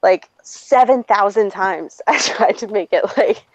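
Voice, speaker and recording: A woman co-hosting a podcast, telling a story in a casual, animated way with plenty of swearing and acted-out quotes. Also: mid-range voice, no room sound, lo-fi sound. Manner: animated, profane, quick to act out quotes. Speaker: podcast co-host.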